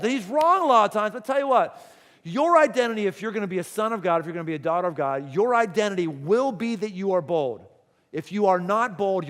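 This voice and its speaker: A man's voice: sits high, a bit bright, long reverb tail. A male pastor preaching a sermon, telling the story dramatically and animatedly. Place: church auditorium.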